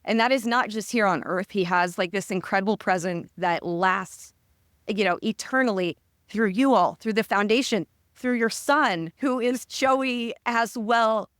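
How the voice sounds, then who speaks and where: A woman's voice: medium pitch, unhurried, fairly bright tone, dry recording, studio quality. Woman host asking reflective questions. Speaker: interview host, sports reporter. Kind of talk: conversational interview.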